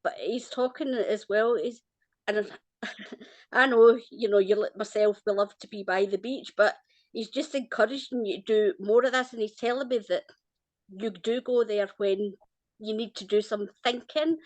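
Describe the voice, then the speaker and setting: A Scottish woman giving a gentle, reassuring psychic reading over a call, often smiling as she talks. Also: medium pitch, moderate pace, no room sound. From Scotland. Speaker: psychic reader.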